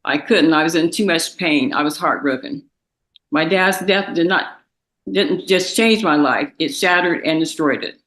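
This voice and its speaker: A young woman, a victim's daughter, reading a victim impact statement in a courtroom, halting and tearful. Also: low-pitched, a bit bright, reverberant, rough recording. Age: young adult.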